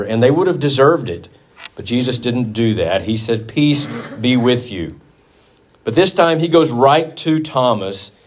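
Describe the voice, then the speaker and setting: A man preaching a sermon in a church, telling a Bible story earnestly and leaning hard on key words. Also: mid-range voice. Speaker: pastor.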